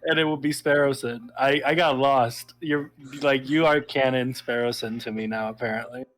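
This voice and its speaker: A man's voice: medium pitch, steady tone, moderate pace, a bit bright, soft background music. A man chatting casually with a friend while streaming a game, laughing often and poking fun at himself.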